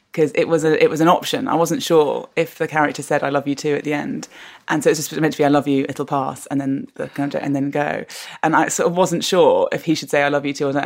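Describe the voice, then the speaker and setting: A woman guest on a podcast interview, telling stories in an animated, expressive way and laughing often. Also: low voice. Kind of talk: conversational interview.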